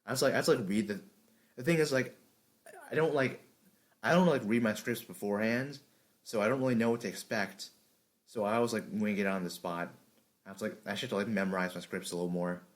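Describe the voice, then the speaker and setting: A man recording an anime review, shouting lines with energy between low, mumbled, profane asides and retakes. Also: brisk. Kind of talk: unscripted commentary recording with retakes.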